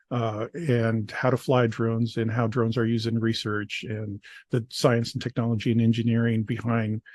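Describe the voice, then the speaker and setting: Man presenting with halting pauses, dry sound. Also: mid-range voice, no echo. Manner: halting, many filler pauses. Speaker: extension program presenter. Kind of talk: conference presentation.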